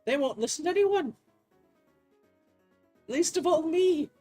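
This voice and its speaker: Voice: extremely high pitch, lively intonation, a little slow, dark tone, soft background music, pitched above the performer's own voice. A player reads game dialogue aloud in a put-on voice as a genteel, chatty male professor with polite old-fashioned phrasing. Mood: earnest. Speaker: gaming video creator.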